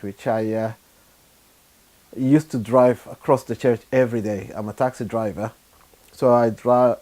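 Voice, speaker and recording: A middle-aged man from Sudan, giving a personal testimony in a halting, unhurried way with frequent pauses and fillers. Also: medium pitch, a little mellow. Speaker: churchgoer giving his testimony.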